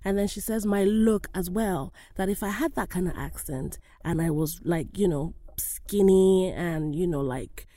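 A woman's voice: on the low side, warm tone, no echo. A woman with an African accent, an actress telling a personal story to camera in a candid, wry way. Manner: candid, wry, slightly halting with fillers.

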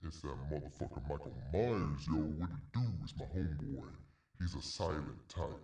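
A man putting on the voice of a gruff, laid-back street-talking tough guy with a slangy, profane drawl. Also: very deep voice, normal speed, mellow, reverberant, recorded from a distance, voice pushed down. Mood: amused.

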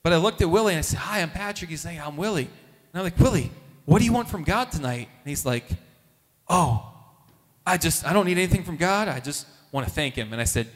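A man telling a lively faith story as a testimony, acting out the voices of the people in it. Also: fairly quick. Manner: animated, acts out quoted voices with big pitch jumps. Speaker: speaker at a Catholic gathering. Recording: long hall reverb.

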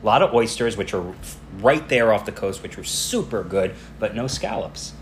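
This man co-hosts a laid-back podcast, his voice notably low as he leisurely recounts stories and performs snippets of dialogue. Faint hiss can be heard in the background.

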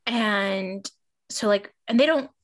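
A woman's voice: medium pitch, slow pace. A woman co-hosting a podcast in casual chat, talking things through with examples. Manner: chatty, explains with examples. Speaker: podcast co-host.

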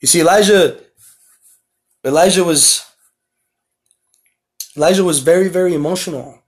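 A man preaching a podcast sermon, reading scripture slowly and with emphasis, then explaining it in a casual, repetitive way. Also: a little high. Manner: repeats and restarts phrases, swells loud on key words.

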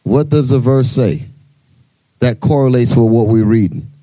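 A man's voice: medium pitch, moderate pace, dark tone, no echo. A man leading a bible study, stopping readers and quizzing the group. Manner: quizzing, commanding. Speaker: church leader.

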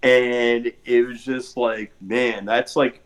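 A man's voice: medium pitch, flat delivery, takes it slowly, rough recording. Rambling man in casual chat. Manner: rambling, many fillers like "like" and "or whatever".

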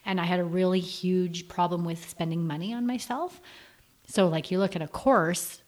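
A woman's voice: fairly low pitch, moderate pace, darkish tone. A middle-aged woman telling her story frankly on a podcast, acting out quotes as she goes. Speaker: podcast guest. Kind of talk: candid podcast conversation.

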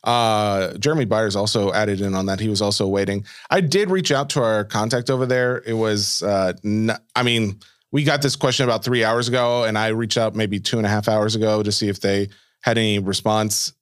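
A man co-hosting a podcast in casual chat, reading listener mail aloud and answering in a relaxed way. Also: lowish voice, fairly quick, clear, resonant tone, no echo, studio quality. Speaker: podcast co-host.

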